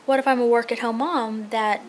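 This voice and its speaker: A young woman chatting casually to a handheld camera at home, telling an animated story for her family vlog. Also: fairly high pitch, brisk, slight background noise. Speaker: family vlogger. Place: house being painted, indoors.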